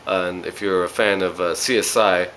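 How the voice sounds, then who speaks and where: A man's voice: sits low, steady tone, normal speed, a bit bright, slight background noise, poor audio. A man giving a casual spoken movie review, rambling along with frequent ums and uhs.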